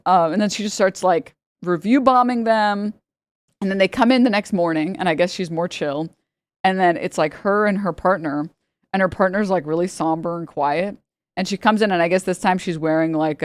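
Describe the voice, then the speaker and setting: Woman streamer, casual rambling story, lower voice, dry close sound, laughs a lot. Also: dry recording. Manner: rambling, animated, laughs often, acts out quotes.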